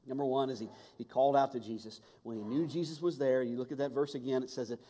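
A man preaching a sermon, swinging between loud urgency and hushed intimacy, often stammering and repeating words. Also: medium pitch, steady tone, fast. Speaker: pastor. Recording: long reverb of a large hall.

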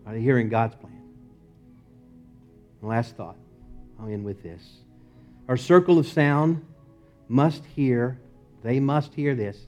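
A male pastor preaching a sermon in a church, moving from loud emphatic lines to low, quiet ones. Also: animated, takes it slowly, pauses often, faint music behind. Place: church sanctuary.

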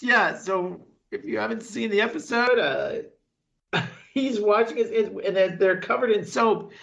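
A man co-hosting a podcast, retelling a TV episode in casual chat and slipping into quick voices for the characters. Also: high-pitched, gravelly, muffled recording. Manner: animated retelling with quick impressions and laughs. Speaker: podcast co-host.

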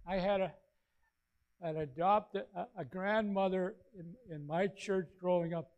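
A man pastor preaching a sermon, telling stories with big swings between loud and soft. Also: measured pace, lo-fi sound. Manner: storytelling preacher, dynamic swings in loudness and pitch.

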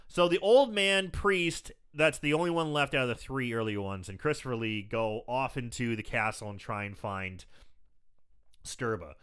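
A man hosting a casual film-chat podcast who retells scenes in an animated, profane way and often laughs. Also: mid-range voice, moderate pace, clean tone. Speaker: podcast host.

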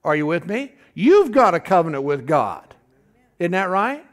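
Animated male preacher, high-pitched voice. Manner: animated preacher, calls to the congregation, pitch jumps high for emphasis; halting restarts and fillers. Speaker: pastor. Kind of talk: sermon.

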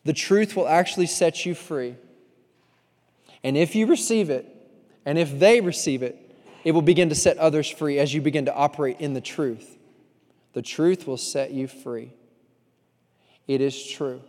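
A fairly high-voiced man preaching with passion, pressing his points through repetition and then dropping to a hushed, confiding tone. His voice rings out in a hall with a long, trailing reverb. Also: moderate pace, pauses often. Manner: impassioned, swinging between loud emphasis and hushed intimacy; repeats phrases for emphasis. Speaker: pastor. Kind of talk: sermon.

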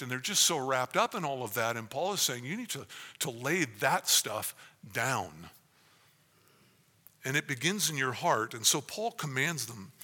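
A man's voice: a little high, bright, forceful tone, long reverb tail. A man preaching a sermon as pastor, earnest, with frequent restarts.

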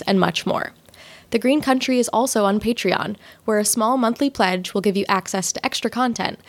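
A woman reads a scripted closing announcement for a story podcast. Her delivery is friendly and clear at an everyday pitch. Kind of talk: scripted promotional outro.

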